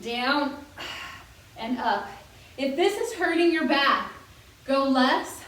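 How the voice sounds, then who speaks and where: A woman's voice: high voice, lively intonation, slow, a bit bright, a little hiss or hum. A young woman leading a senior workout class as a fitness instructor, chatty, joking and encouraging while she exercises along. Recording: very echoey room, voice from far off.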